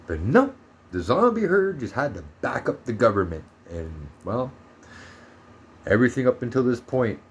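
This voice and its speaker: Brief: lowish-voiced man from Canada, angry profane rant, soft background hum. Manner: profane, heated, sarcastic. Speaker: vlogger. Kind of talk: ranting monologue vlog.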